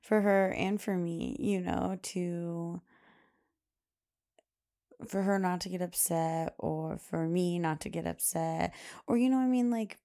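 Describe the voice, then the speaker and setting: A young woman talks through motherhood on her podcast in a loose, rambling way, full of fillers and quick laughs. Her voice sits low, with a mellow, dark tone and a steady gravelly fry. She sounds unscripted and conversational. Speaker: podcast host. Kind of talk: casual chat.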